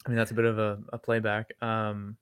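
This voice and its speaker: A soft-spoken man from Toronto, co-hosting a stream in casual chat. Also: fairly low pitch, monotone, a little fast, clean tone, no room sound. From Toronto, Canada. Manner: soft-spoken, talks quietly. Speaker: stream co-host.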